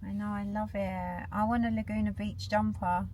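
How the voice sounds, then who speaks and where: An upbeat woman talks straight into her handheld phone, bubbly and chatty, narrating her day for viewers. Her voice sits at an ordinary middle pitch with a faint hiss of background noise. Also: little pitch movement, moderate pace, darkish tone. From Essex, England. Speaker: vlogger. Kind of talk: casual vlog chat and voice-over.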